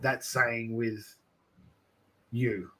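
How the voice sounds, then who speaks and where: A man's voice: medium pitch, little pitch movement, drawn-out words, bright, forceful tone. Rambling Australian man in wrestling chat. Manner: rambling with many "like"s, profane. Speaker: wrestling manager and promoter. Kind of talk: casual chat.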